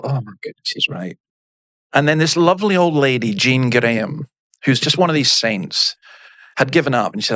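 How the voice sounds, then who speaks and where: A middle-aged man speaks at an ordinary mid pitch, telling stories bluntly and with emphasis. He is a minister guesting on a podcast, and his stories are lively and punchy. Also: normal speed, no room sound, studio quality. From Scotland. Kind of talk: storytelling in a podcast interview.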